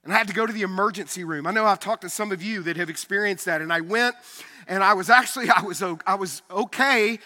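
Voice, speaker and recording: A middle-aged male pastor preaches with an earnest, confessional delivery, restarting his sentences as he goes and slightly short of breath. His voice sits high for a man and rings very bright and forceful. It carries a long reverb from a large church hall. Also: fast talker. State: slightly out of breath from carrying a heavy backpack. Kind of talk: sermon. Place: church sanctuary.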